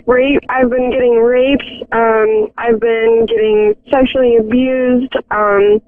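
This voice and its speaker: Woman caller, tearful and scared, flat voice, halting words, tinny phone line. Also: fairly high pitch, no echo. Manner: halting, hesitant speech.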